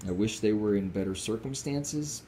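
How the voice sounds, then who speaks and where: A man with a low, warm voice talks casually at home for his vlog. He rambles easily from one thought to the next and often restarts his sentences. A faint hiss sits under the recording. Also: moderate pace. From Northeastern United States. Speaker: squirrel rehabber vlogger.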